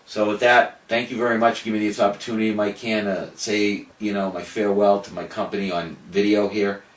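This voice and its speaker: A man's voice: fairly low pitch, little pitch movement, brisk. An older man giving a farewell message, then telling a story in a boastful, profane, theatrical way. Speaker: cannabis activist giving a farewell video. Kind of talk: animated storytelling to an audience. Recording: roomy, distant mic, faint noise.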